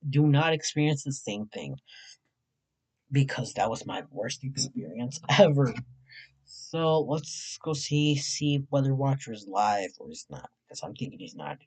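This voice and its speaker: A man from Mexico hosting a casual weather livestream, excitable and rambling, often repeating himself. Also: mid-range voice, poor audio.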